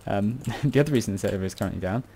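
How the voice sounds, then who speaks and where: A man's voice: fairly low pitch, rapid-fire, mellow, slight background noise. A British man giving casual commentary on a building tutorial, rambling and muttering to himself with self-mocking asides. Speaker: game tutorial creator.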